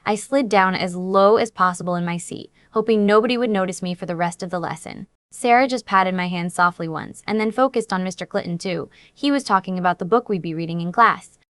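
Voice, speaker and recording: A woman's voice: fairly low pitch, brisk, few pauses, dry recording, clean studio sound. A woman reading a first-person romance story aloud in an earnest, dramatic storytelling manner. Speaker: audiobook narrator.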